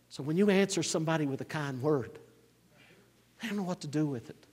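A man in his sixties preaching a sermon, swinging from near-shouts to quiet asides. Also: a little high, lively intonation, fairly quick, long pauses, breathy edge, in a large hall. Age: 60s. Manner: emphatic, rising to near-shouts then dropping to a conversational aside. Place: church.

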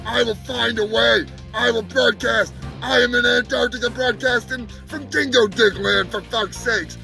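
A man plays a loud, self-important alien opinion-monger in a comedy sketch, ranting and swearing at humans in a very high, gravelly voice. Music plays clearly behind him. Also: steady tone, measured pace, heavily acted. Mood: boastful. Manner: ranting, shouting, swearing, insulting. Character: brash foul-mouthed male alien pundit, loud, ranting, full of himself. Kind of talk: comedic character rant.

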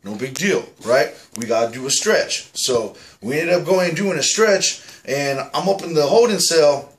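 A man's voice: on the high side, animated, normal speed, natural voice. A man playing a boastful, foul-mouthed ex-con who insists he is the real Julian, talking to camera in a comic monologue. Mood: blustering. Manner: profane, aggressive, keeps saying "all right?".

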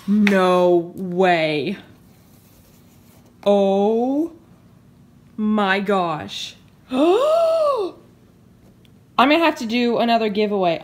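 A young woman vlogging casually as she unboxes beauty products, gushing and excitable with frequent gasps. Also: fairly high pitch.

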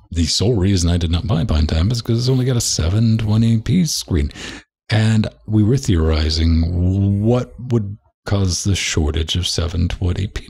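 A man's voice: fairly low pitch, creaky, darkish tone, slightly rough. A man co-hosting a casual tech podcast, rambling and repeating himself, often tossing in "man". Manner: rambling, repeats words, says "man" a lot. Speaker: podcast co-host.

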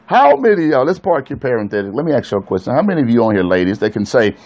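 A man's voice: mid-range voice, big pitch swings, very fast, a little mellow. A man, a pastor, preaching in an emphatic, colloquial way and speaking straight to his listeners on a live stream.

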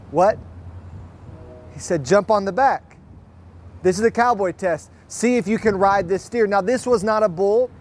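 A man's voice: sits high, a little hiss or hum. A young adult man, preaching a sermon and telling a personal story with acted-out quotes. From Fort Worth, Texas. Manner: lively storyteller, acts out quotes. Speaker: pastor. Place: online church service.

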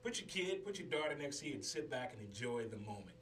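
A man's voice: medium pitch, big pitch swings, quick pace, fairly bright tone, recorded from a distance, slight background noise. Man chatting from a bit off-mic. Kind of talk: casual movie chat.

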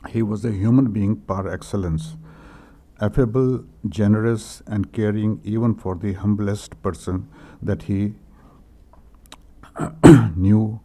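An older man with an Indian English accent reads out condolence messages at a memorial gathering. His voice is low and mellow, and he hesitates often, clearing his throat between lines. He sounds moved. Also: steady tone, slow, long pauses. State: emotional, voice breaking. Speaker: memorial meeting speaker. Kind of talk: halting tribute reading.

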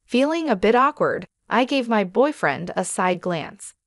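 A woman narrating a story in an even, measured manner. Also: medium pitch, no echo, studio quality. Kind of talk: scripted narration.

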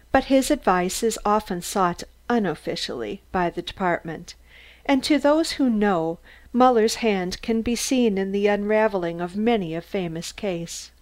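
Narrator: woman, mid pitch, calm even audiobook reading. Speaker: audiobook reader.

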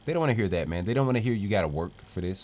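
A man's voice: on the low side, rapid-fire. A man hosting a show, giving a casual motivational talk to his viewers, calling them "team" and asking "right?" as he talks. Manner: animated, calls his audience "team", keeps asking "right?". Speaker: show host. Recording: tinny phone-like lo-fi sound.

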